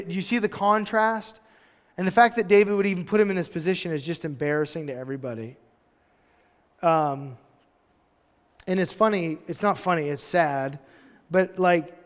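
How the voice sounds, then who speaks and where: High-voiced man preaching in a reverberant hall. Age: 30s. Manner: casual, storytelling, loose with "like" asides. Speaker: pastor. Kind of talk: conversational verse-by-verse sermon. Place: church hall.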